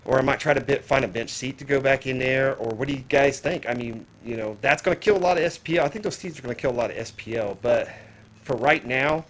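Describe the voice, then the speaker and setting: A mid-range, slightly bright voice comes through at a quick pace in a rough recording. The speaker, a car audio vlogger, is out of breath as he strolls around a car outdoors, chatting plainly and ramblingly to viewers he calls "guys" about his plans for it in a casual walkaround vlog.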